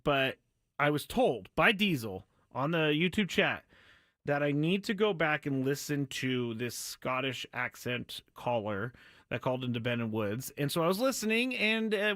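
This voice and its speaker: A man hosting a casual sports talk show, excitable and rambling, apologizing and joking with his audience. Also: a little high, no echo. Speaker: podcast host.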